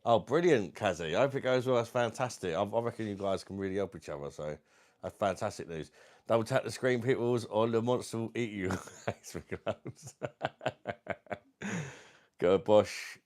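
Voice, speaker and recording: A man from South East London with a London accent hosts a laid-back livestream at home, reading viewer comments and calling everyone mate. He speaks at normal speed with a lowish, darkish tone.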